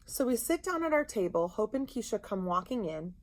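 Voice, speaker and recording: A woman co-hosting a podcast, telling a story in casual chat, animated and indignant. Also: medium pitch, brisk. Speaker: podcast co-host.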